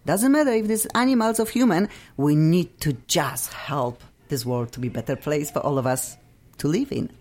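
A woman hosting a live radio talk show, effusive and excitable, talking with bursts of laughter from a radio studio. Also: deep voice, moderate pace.

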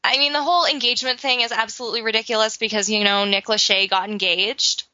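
A woman's voice: a little high, steady tone, fast, sharp tone, no echo. A woman from Saskatchewan, Canada, co-hosting a casual gossip chat, laughing often and full of fillers. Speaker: co-host. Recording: dull lo-fi recording.

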